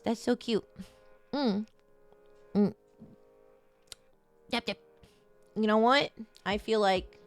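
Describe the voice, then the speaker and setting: Emotional, rambling woman with a smooth voice. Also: on the high side, slow, long pauses, soft background music. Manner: rambling, emotional, giggly, chatting to her audience. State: near tears. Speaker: streamer hosting a charity stream. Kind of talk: casual chat.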